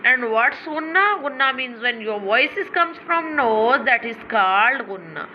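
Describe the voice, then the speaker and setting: A woman teaching children Quran recitation in English with a South Asian accent, chanting verses slowly and repeating her instructions for emphasis. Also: on the high side, lively intonation, dull audio, slight background noise. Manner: slow drawn-out recitation between quick explanations.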